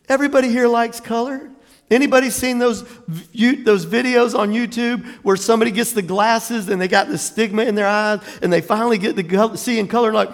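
Animated pastor, gravelly high voice. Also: male voice, fairly quick, in a large hall. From Jacksonville, Florida, USA. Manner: animated storyteller, laughing asides, acts out quotes. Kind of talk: sermon.

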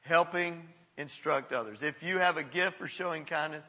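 A man's voice: fairly high pitch, normal speed, sharp tone. A man preaching a sermon as pastor, earnest and encouraging, laughing often as he talks to the congregation. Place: church service before a congregation. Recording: long hall reverb.

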